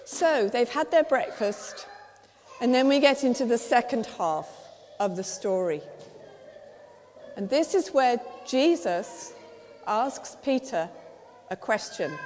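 A woman's voice: high-pitched, animated, measured pace. Woman preaching in a reverberant church. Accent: English. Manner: gentle storytelling, acts out quotes softly. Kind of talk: sermon.

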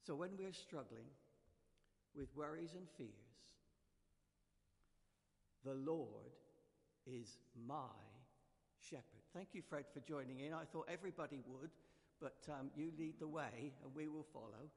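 A man with a slightly high, gravelly voice preaching in an echoing church. He speaks gently and conversationally, leading the congregation to join in. The long reverb of the hall trails after his words. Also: normal speed. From United Kingdom. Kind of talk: sermon.

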